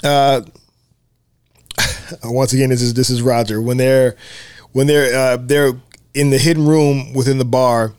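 A man hosting a podcast, chatting casually about a film, animated and laughing often. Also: medium pitch, measured pace, pauses often, clean tone, no room sound. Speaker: podcast host.

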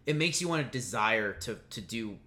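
A man who is a pastor, talking through questions of faith in a relaxed podcast chat and often checking in with "right?". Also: on the low side, normal speed. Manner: thoughtful, explaining scripture with many fillers and restarts, "right?" checks.

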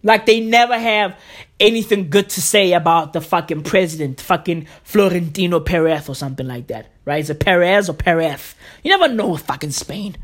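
A woman's voice: lowish voice, lively intonation, a little fast. A woman ranting comedically in loose, profane slang, full of fillers and restarts.

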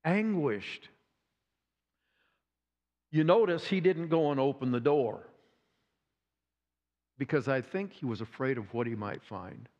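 A man preaching a sermon, retelling a story dramatically with repeated phrases and pauses. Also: mid-range voice, animated, darkish tone. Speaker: pastor. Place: church sanctuary. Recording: dull sound with long hall reverb.

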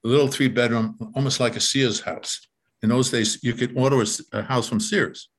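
A man's voice: mid-range voice, fairly even intonation, a little fast. An older man reminiscing in casual talk, rambling and repeating words, often chuckling as he tells his story.

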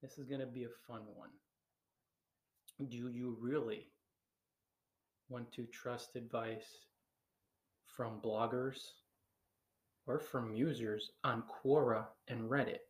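A man's voice: mid-range voice, steady tone, takes it slowly, long pauses. A man from northern New Jersey with a northern New Jersey accent, a blogger talking casually to his listeners and firing off emphatic rhetorical questions. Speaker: blogger giving advice. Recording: echoey room.

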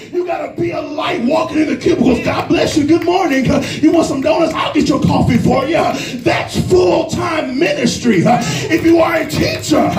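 A middle-aged pastor preaches with a very high, strained voice, shouting his lines slowly and with emphasis. He is heard from a distance in an echoing church sanctuary, with music and a responding congregation behind him. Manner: shouting, rhythmic preaching with repetition. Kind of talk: sermon. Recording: roomy church hall with live crowd and music, mic at a distance.

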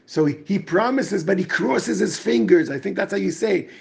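Husky, lively-voiced man giving a Torah talk. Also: sits high, moderate pace. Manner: explains verses, mixes Hebrew terms into English, acts out inner voices. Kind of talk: weekly Torah portion talk.

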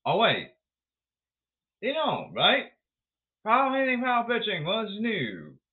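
A man's voice: sits high, wildly swooping pitch, slow pace, husky. A man giving a sarcastic, ranting talk about baseball, emphatic and blunt. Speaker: baseball commentator. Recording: tinny phone-like audio.

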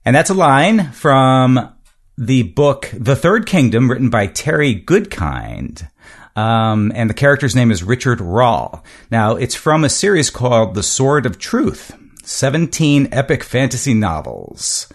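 A man's voice: medium pitch, big pitch swings, a little slow. A man co-hosting a podcast in casual chat, reading out a listener's quote in an easygoing way. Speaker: podcast co-host.

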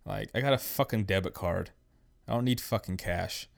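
A man's voice: on the low side, moderate pace, creaky, no echo, studio quality. Profane ranting man in his thirties. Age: 30s. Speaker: podcast host. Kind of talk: casual solo ranting podcast.

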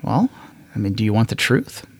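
A man's voice: on the low side, very animated, normal speed, breathy edge, no room sound, full character voice. A man playing a sheepish, apologetic starship captain.

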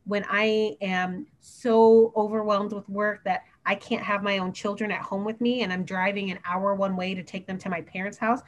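A woman's voice: mid-range voice, level tone, normal speed, few pauses. A woman who works as a teacher, chatting earnestly on a podcast and talking in long run-on stretches. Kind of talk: casual podcast chat.

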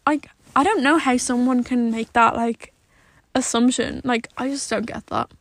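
A young woman vlogs from her car, blunt and exasperated, with frequent swearing and a constant stream of "like." Her voice sits a little high and carries a gravelly fry. The sound is close and dry, with no room echo. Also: fairly even intonation. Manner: blunt and exasperated, swears a lot, fills every pause with "like". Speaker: vlogger. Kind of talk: casual rant to camera. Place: sitting in a parked car.

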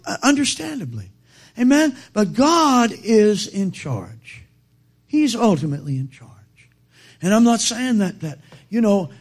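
A man preaching a sermon, quoting scripture and calling for amens, with halting restarts that build to loud, emphatic peaks. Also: high voice, slightly rough. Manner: quotes King James scripture, calls for amens.

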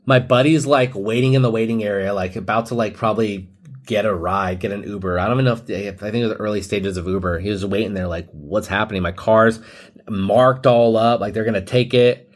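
Low-voiced man telling a rambling story. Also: steady tone, a little fast. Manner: rambling, filler-heavy, quotes others. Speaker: podcast host. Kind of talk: casual storytelling.

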